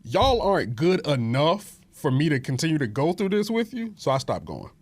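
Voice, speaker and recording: Firm man with a higher voice. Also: sing-song, normal speed. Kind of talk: casual chat.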